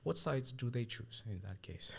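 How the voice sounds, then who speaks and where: A man hosting a podcast interview, asking measured questions in slightly halting phrasing. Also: medium pitch, expressive, vocal fry, a bit bright, slightly rough. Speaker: podcast host.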